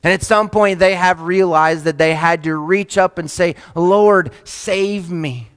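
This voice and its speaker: A male pastor preaching a sermon to a video audience, swinging between loud emphatic lines and hushed, soft asides. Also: fairly high pitch, steady tone, moderate pace, smooth, in a large hall.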